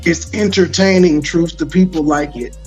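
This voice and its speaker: A man's voice: on the high side, steady tone, normal speed, husky, soft background music. A man hosting a livestream show, teasing and joking with his co-hosts in casual banter. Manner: teasing, joking, mock-apologetic.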